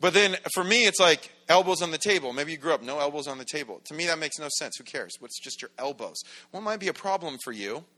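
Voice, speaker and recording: A man's voice: on the high side, animated, fast talker, hardly any pauses, sharp tone. A middle-aged man preaching a casual, conversational sermon as a pastor, full of asides and rhetorical questions.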